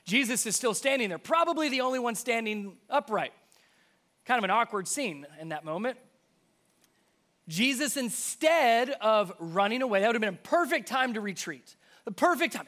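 A man preaching a sermon, emphatic, repeating key phrases and dropping to a hush for stress. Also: very high-pitched, very animated, moderate pace.

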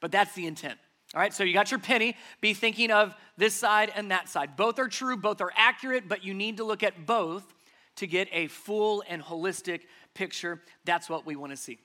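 Bright, high-voiced man preaching. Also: moderate pace. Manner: emphatic, repeating key phrases for stress. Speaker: pastor. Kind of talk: sermon.

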